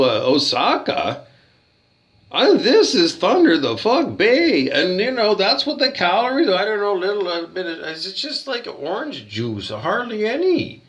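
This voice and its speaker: A man's voice: sits high, very animated, a little slow, a bit bright, lo-fi sound. A man ranting animatedly in casual talk, rambling with false starts and complaints. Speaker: conference speaker. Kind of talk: casual rant.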